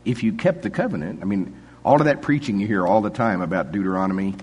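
A man's voice: lowish voice, animated, fast talker, a little mellow, a little hiss or hum. An older man preaching a sermon in a folksy, conversational way, chuckling often.

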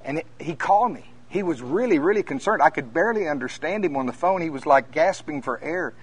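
A minister preaching at a conference, telling folksy stories that climb to emphatic peaks. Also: male voice, a little high, animated, brisk, slightly rough. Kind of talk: conference sermon.

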